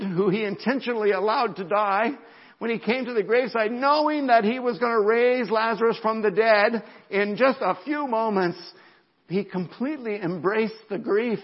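A man preaching a sermon as a pastor, animated, repeating words and dropping to a whisper for emphasis. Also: high voice, husky, highs cut off.

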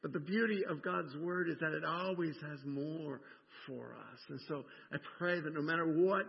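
A man's voice: on the high side, vocal fry. An older American man preaching a sermon, emphatic and repeating words as he explains scripture. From United States. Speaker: pastor. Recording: dull sound with long reverb in a hall.

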